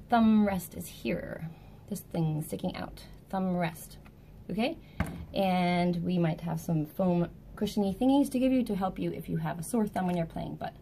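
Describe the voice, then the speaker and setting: Gravelly, mellow woman teaching clarinet. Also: on the low side, slight background noise. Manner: chatty, self-correcting, laughs at herself. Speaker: music teacher. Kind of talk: casual instrument tutorial. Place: indoors at a table.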